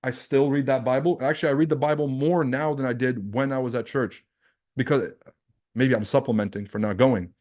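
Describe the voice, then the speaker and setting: A man from Lebanon coaching viewers on a livestream. He talks bluntly and animatedly, swears freely and keeps firing rhetorical questions at the audience. His voice sits at an ordinary middle pitch. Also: fairly even intonation, fairly quick, darkish tone. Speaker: trading coach and livestream host.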